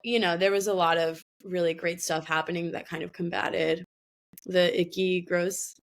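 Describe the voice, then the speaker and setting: Podcast guest: woman in her 20s, low-set voice, animated casual storyteller. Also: moderate pace, vocal fry. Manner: chatty, animated, many fillers and laughs. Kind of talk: casual chat.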